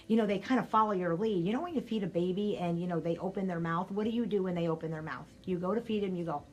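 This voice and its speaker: An older woman giving a chatty, energetic live coaching talk straight to her viewers, her throat scratchy and needing clearing. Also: fairly low pitch, fast talker. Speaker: sales coach.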